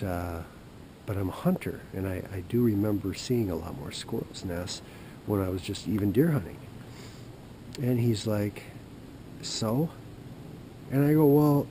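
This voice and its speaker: A man hosting an outdoor show, telling a rambling story to the camera beside a creek. He drops to a whisper at times and grows loud and animated while retelling a phone call. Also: lowish voice, slight background noise.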